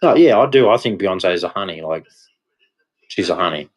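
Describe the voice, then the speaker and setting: A man's voice: sits low, animated, moderate pace, low-quality recording. A man ranting heatedly in a casual vlog monologue, blunt and repetitive, swearing now and then. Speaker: vlogger.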